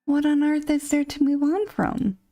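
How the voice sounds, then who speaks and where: A woman's voice: high voice, level tone, normal speed, warm tone, no echo, voice pushed up. A woman whispering as a pleading lost husband. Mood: bewildered. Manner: pleading, rising anxious whisper. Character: bewildered wounded husband ghost, pleading. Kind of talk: whispered role-play.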